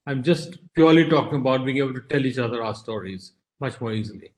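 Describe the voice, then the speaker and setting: A man's voice: medium pitch, fast talker, darkish tone. A man from India who makes content, giving casual, hesitant panel remarks from his home study. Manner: hesitant, with many fillers. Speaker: content producer.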